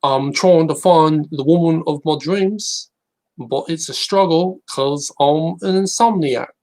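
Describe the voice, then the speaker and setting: A man doing a put-on British accent, slowly delivering deadpan one-liners. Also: fairly high pitch, voice pushed up. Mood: mock-posh. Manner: slow, drawn-out, deadpan joke delivery.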